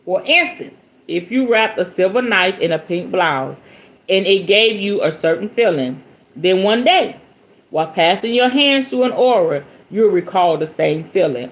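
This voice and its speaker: A woman's voice: mid-range voice, unhurried. A woman hosting a podcast, reading a book aloud and breaking off into playful, casual commentary. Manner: animated, playful asides between read passages. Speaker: podcast host.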